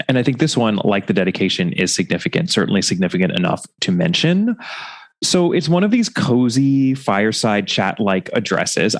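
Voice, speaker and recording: A man hosting a podcast, giving scripted commentary in a wordy, animated way with playful asides. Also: fairly low pitch. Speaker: podcast host.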